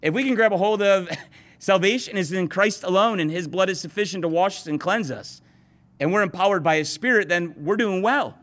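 A man's voice: high voice, a little fast, fairly bright tone. A male pastor preaching a sermon to his congregation, talking earnestly and often restarting or repeating words as he speaks. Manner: addresses the congregation directly.

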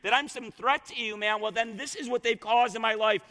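A man preaching a sermon, retelling a scripture story with lively voiced quotes. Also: very high-pitched, brisk. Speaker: pastor. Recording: long reverb of a large hall.

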